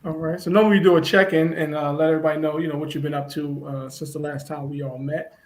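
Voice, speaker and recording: Male online show co-host, somewhat high-pitched, relaxed and casual. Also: fast talker. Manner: relaxed, easygoing, many fillers.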